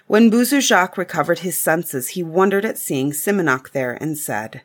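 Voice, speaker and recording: A woman reading a fairy tale aloud in a calm, measured storybook narration. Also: lowish voice.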